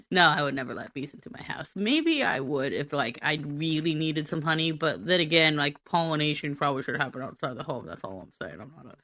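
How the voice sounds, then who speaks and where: Lively, bright-voiced woman rambling. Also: sits low, a little fast. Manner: silly, rambling, self-mocking. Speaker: streamer. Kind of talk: rambling be-right-back rant.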